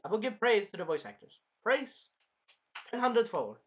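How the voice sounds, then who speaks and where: Reviewing an anime episode in a casual reaction, a young man rambles, curses and gets animated, occasionally voicing the characters. His voice is high at a normal speed, and the highs are cut off.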